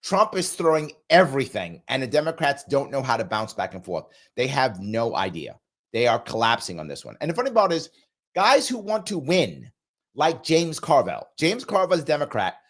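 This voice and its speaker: A man with a mid-range voice hosts a political commentary livestream, very animated and a little fast, reading out viewer super chats in an emphatic, repetitive way. He's recovering from a cold and coughs.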